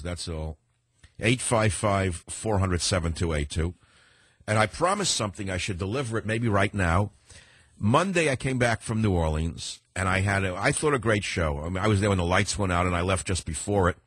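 Old new york talk radio guy, real low husky voice, rambling and combative, dry close mic. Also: expressive, moderate pace, fairly bright tone, no room sound. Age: older. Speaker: radio talk show host. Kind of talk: opinionated talk radio monologue.

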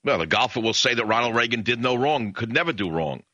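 A man's voice: medium pitch, animated, fast, bright, forceful tone, no echo, highs cut off. A man hosting a talk radio show, delivering a combative monologue in bombastic bursts. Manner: bombastic, rising to emphatic peaks.

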